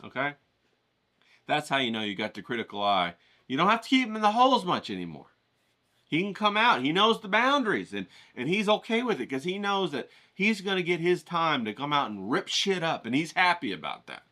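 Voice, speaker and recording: A man hosting a writing challenge, giving an energetic, casual pep-talk lesson full of swearing and storytelling. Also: a little high, fairly quick.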